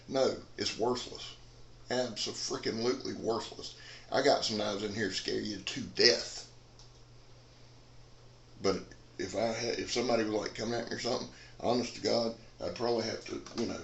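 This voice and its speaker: A man's voice: sits low, echoey room, slight background noise. A man, rambling in a folksy casual chat as a knife reviewer in a dim room. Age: 40s.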